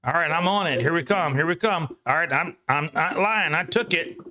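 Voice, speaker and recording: A man hosting a live trading session from home, thinking out loud about each trade in an excitable, casual way with the odd swear. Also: a little high, slight background noise. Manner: excitable, talks fast to himself while trading, swears casually.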